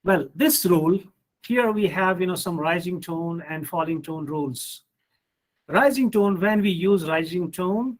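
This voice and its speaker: A middle-aged man with an Indian English accent, a professor giving an online pronunciation lecture who explains rules and reads example sentences with exaggerated intonation. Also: high voice.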